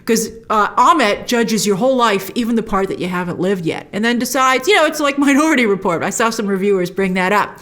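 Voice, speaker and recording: A woman hosting a casual TV episode review, animated and quick to act out lines from the scenes in put-on voices. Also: medium pitch. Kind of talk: casual chat.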